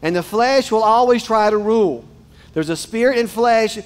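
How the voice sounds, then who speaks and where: Folksy pastor, high voice. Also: male voice, moderate pace. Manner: joking, folksy, talks straight to the congregation. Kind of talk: casual conversational sermon. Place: church sanctuary.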